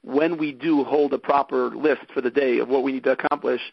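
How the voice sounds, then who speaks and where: A man hosting an interview, asking questions in a halting way with frequent restarts. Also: medium pitch, steady tone, gravelly, slightly rough, dry recording, muffled recording. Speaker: interview host. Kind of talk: podcast interview.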